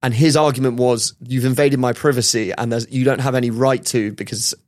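A man hosts a podcast and tells a story in a loose, chatty way, often breaking into laughter. His voice sits at a middle pitch. It is recorded close and dry, with no room sound. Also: steady tone, fairly quick, no room sound. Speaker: podcast host. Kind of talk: casual chat.

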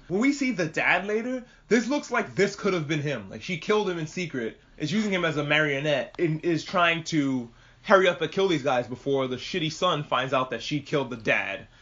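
A man's voice: a little high, bright, forceful tone. A man hosting a casual spoken anime review, swearing and laughing often as he retells scenes. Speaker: podcast host reviewing anime. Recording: dull lo-fi audio.

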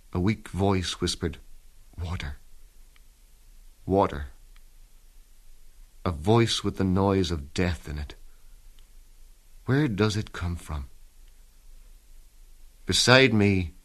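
A man reads a soldier's memories of battle in the first person, unhurried and deliberate. His low voice stays grave and intense, dropping toward a hush when the story turns dark. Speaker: reader of a soldier's war memoir. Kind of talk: dramatic first-person reading.

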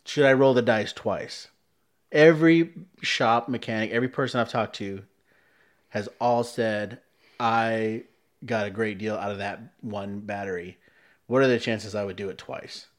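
Man, podcast co-host, casual storytelling, animated, jumps into other voices. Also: unhurried. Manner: animated, acts out voices with big pitch jumps.

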